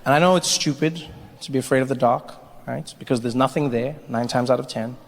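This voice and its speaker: A man performing a stand-up comedy set, animated, conversational and playful. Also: medium pitch, brisk, gravelly. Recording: hall reverb, faint noise.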